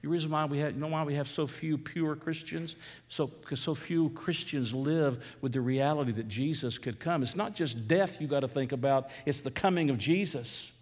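A man's voice: a little high, normal speed, darkish tone, long reverb tail. A middle-aged man from Atlanta, preaching a sermon as a pastor in a conversational, storytelling way with fervent emphasis. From Atlanta, USA.

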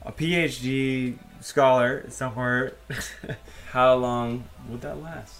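Male co-host, mid pitch, halting and stammery, casual chat. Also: steady tone, fairly bright tone, faint music behind. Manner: hesitant, stammering restarts. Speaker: podcast co-host.

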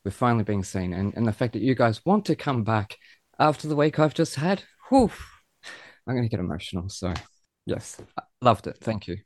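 A man's voice: mid-range voice, animated, brisk, darkish tone. Gushing, emotional man in his thirties. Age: 30s. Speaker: podcast host. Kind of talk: casual chat.

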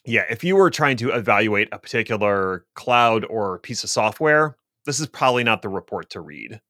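A man's voice: fairly low pitch, big pitch swings, normal speed, sharp tone, no echo. A man co-hosting a casual tech podcast, explaining things at length with dry, self-deprecating humor. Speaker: podcast co-host.

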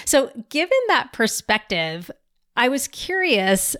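A woman's voice: mid-range voice, fairly bright tone. Curious podcast host woman. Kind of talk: interview questions, casual chat.

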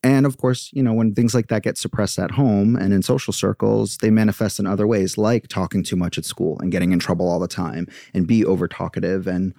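A man's voice: fairly low pitch, fairly even intonation, fairly quick, gravelly, few pauses, warm tone, dry recording, studio quality. A man guest on a podcast, a yoga teacher telling candid personal stories and acting out the voices of people he quotes. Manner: chatty, acts out quoted voices.

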